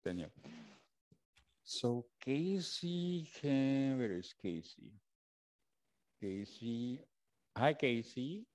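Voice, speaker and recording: A man with an Indonesian accent calls the roll over a video call, his voice low and his pace slow. He talks with many fillers and restarts as he teaches his class online. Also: mellow, low-quality recording.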